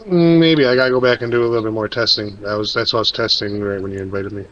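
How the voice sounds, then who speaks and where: A man's voice: lowish voice, fairly even intonation, fast, highs cut off. Laid-back man explaining game tactics. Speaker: teammate giving build advice. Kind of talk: casual gaming chat.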